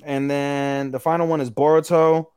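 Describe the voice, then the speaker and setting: A man co-hosting a podcast, casually recapping episodes in an animated way, acting out characters' lines and swearing freely. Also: fairly high pitch, moderate pace, clean tone, no room sound. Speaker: podcast co-host.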